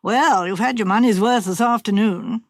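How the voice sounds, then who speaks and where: A woman reader voicing a weary middle-aged husband, lowering and softening her voice to a dry, subdued tone. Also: moderate pace, dry recording, natural voice.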